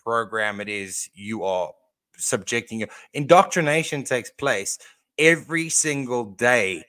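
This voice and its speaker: A man's voice: mid-range voice, lively intonation, a little slow, bright, forceful tone, no echo. A man talks through a faith topic on a podcast with earnest, preachy conviction, often restarting his sentences. His voice sits in a middle register. The sound is dry and close, with no room around it. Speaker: podcast co-host. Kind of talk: casual Christian podcast talk.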